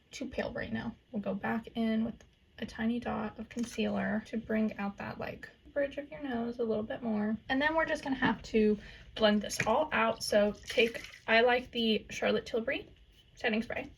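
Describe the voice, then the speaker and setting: A young woman with a Southern US accent chats casually through a makeup tutorial in a slightly high, gravelly voice, with a bit of background noise. She's chatty, using valley-girl fillers, constantly saying "like" and "um."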